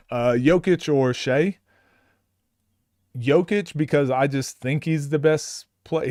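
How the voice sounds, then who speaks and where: A man's voice: medium pitch, darkish tone, no room sound, clean studio sound. Chatty Oklahoman man streaming live. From Oklahoma, USA. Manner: chatty, laughs often, acts out quotes. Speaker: streamer answering chat. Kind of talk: casual live stream chat.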